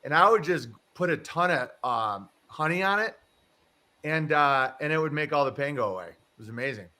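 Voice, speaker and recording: A man's voice: a little high, animated, moderate pace, bright, forceful tone. A man hosting a casual livestream, rambling through a story, chuckling and swearing casually. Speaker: livestream host. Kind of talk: casual chat.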